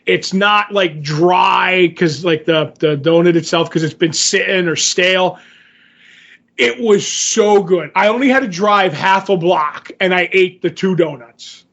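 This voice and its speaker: High-voiced man telling a rambling story. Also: measured pace, creaky, fairly bright tone, dull audio. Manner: rambling anecdote teller, acts out his own quotes. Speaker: podcast co-host. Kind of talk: casual storytelling chat.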